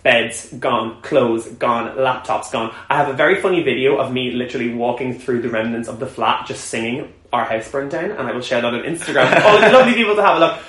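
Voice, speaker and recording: A man co-hosting a podcast, telling a story at a table with two co-hosts in an animated, laughing way. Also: mid-range voice, brisk, few pauses. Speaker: podcast co-host. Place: room shared with two co-hosts around a table. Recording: echoey room.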